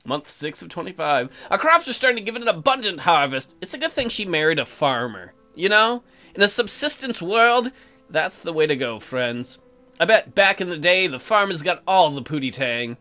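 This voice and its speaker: A young man hosting a let's play, making crude, sarcastic deadpan asides over game dialogue. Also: high voice, normal speed. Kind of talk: crude comedic game commentary.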